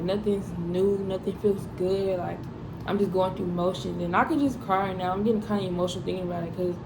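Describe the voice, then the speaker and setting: Emotional young woman with a gravelly voice. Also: fairly low pitch, background noise. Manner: emotional, rambling, filler-heavy confessional. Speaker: vlogger. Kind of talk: candid personal talk to camera.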